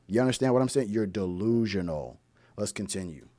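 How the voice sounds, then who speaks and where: A man's voice: fairly low pitch, lively intonation, a little fast, warm tone, no echo. Blunt man lecturing with rhetorical questions. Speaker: relationship commentary host. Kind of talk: reaction commentary on a clip.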